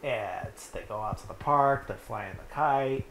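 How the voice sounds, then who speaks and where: A young man, a podcast host, casually recaps a movie plot in an unhurried, mid-range, fairly bright voice. He rambles and fills his talk with "like". The room is echoey, with faint noise.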